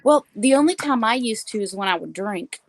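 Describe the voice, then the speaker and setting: A woman's voice: fairly high pitch, animated, brisk, dry recording, poor audio. A woman chatting casually on a live video call, explaining things in an easygoing way with frequent ums. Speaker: guest on a live chat.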